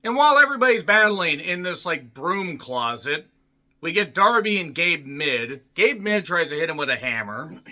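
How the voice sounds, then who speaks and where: A young man tears into a wrestling show, swearing and yelling one moment, muttering the next. His voice sits high and sharp, with a wide, restless pitch. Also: expressive, moderate pace. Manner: profane, yelling and ranting, swinging between shouts and mutters. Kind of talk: angry ranting review.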